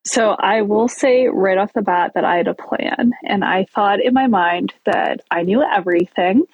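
A woman's voice: medium pitch, normal speed, breathy edge, dry recording, narrow, tinny audio. A woman who is a guest on a podcast, speaking openly and reflectively. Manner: open, reflective, laughs easily. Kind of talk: casual podcast interview.

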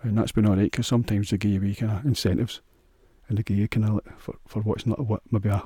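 A man's voice: fairly low pitch, little pitch movement, fast talker, warm tone, breathy edge, dry recording. A man with a Scottish accent hosting a solo podcast, rambling in a crude, sweary, offhand way. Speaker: podcast host.

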